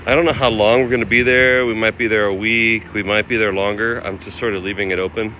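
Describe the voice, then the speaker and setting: Out on windy city streets, a man from the United States streams live while walking, working through travel plans aloud and giving thanks to viewers by name. His low-leaning voice is steady and sharp, and he talks quickly. Wind and passing traffic come through in the outdoor recording.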